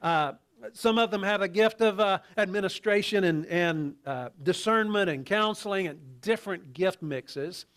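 Conversational male pastor preaching. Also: sits high. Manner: conversational, halting with restarts, drops to quiet asides. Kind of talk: sermon.

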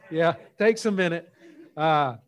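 Male pastor, slightly raised voice, unhurried and folksy, delivering a church sermon. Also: fairly high pitch. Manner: folksy, unhurried storytelling with jokes.

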